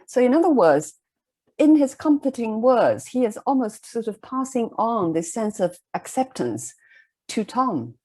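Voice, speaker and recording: A middle-aged woman giving a recorded literature lecture, explaining a poem in a measured way and often checking in with "okay?". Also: a little high, sing-song, a little mellow, slightly rough.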